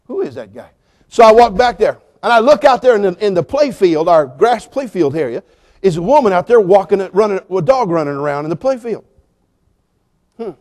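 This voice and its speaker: A man preaching a sermon as pastor, telling a story with big swings from quiet asides to shouting. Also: on the high side.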